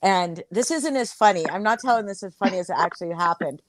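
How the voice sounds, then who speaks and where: A woman telling a crude anecdote in casual chat, animated, swearing and full of fillers. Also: mid-range voice, quick pace, no room sound. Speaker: storyteller.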